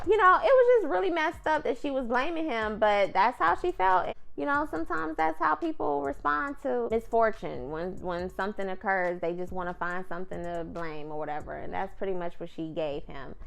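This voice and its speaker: A woman's voice: medium pitch, vocal fry. A woman casually recapping a TV episode in a chatty, slangy way, often calling her viewer "girl". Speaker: TV recap vlogger.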